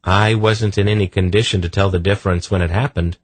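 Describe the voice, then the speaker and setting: A man's voice: deep voice, fairly even intonation, brisk, no room sound, pitched above the performer's own voice. A man voicing a glum, shaken male ruler in an audiobook, subdued.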